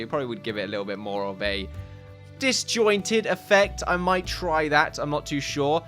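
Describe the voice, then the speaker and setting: A man's voice: medium pitch, fairly bright tone. A man hosting a gaming video, talking casually and rambling with many self-corrections and laughs while slightly out of breath. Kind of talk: casual commentary over a time-lapse.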